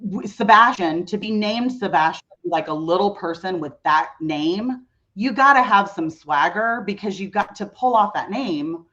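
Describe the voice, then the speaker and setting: A woman's voice: medium pitch, moderate pace, highs cut off. A woman in her thirties, a podcast guest and mother, telling a story in casual chat with lots of "like" fillers. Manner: animated storyteller, many "like" fillers. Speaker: mother of a teenage son.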